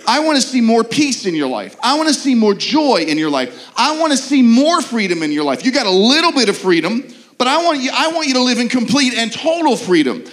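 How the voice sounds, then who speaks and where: A man delivering a sermon in a fairly high voice. He preaches earnestly, tossing out rhetorical questions and stumbling through quick repeated restarts as he builds his point. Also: sing-song, fairly bright tone. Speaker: pastor.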